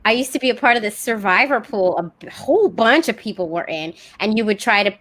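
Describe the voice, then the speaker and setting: A woman's voice: mid-range voice, expressive, fairly quick, fairly bright tone. A woman co-hosting a podcast in casual chat, enthusiastic and rambling, with frequent restarts. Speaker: podcast co-host.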